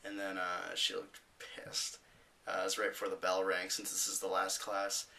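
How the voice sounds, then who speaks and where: A teenage boy vlogging, casually telling a story with rambling fillers and animated retellings. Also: sits low, normal speed, creaky, distant mic, low-quality recording.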